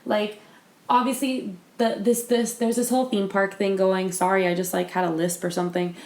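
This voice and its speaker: This podcast co-host has a mid-range, slightly mellow voice with a level tone and moderate pace. Her casual chat is loose, with frequent fillers and restarts, recorded with roomy echo.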